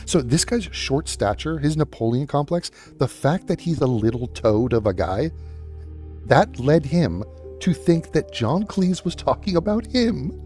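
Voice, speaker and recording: A man's voice: on the high side, sing-song, a little slow, mellow, faint music behind. A man giving profane reaction commentary in a sarcastic, scornful tone. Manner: sarcastic, scornful, swears a lot. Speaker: commentary YouTuber.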